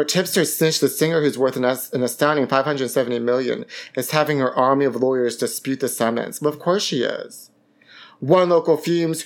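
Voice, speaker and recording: A man hosting a gossip podcast from his apartment, theatrical and camp, calling listeners honey. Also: fairly high pitch. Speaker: podcast host. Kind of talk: campy gossip chat. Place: home apartment. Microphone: podcast microphone.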